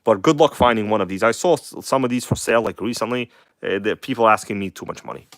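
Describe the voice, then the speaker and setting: A man with a slight accent hosting a casual live stream, chatting loosely, swearing now and then and reading magazine text aloud in a halting way. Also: lowish voice, fairly bright tone, no echo. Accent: non-native English accent. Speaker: host of a live RC car stream. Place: home workshop in Queens.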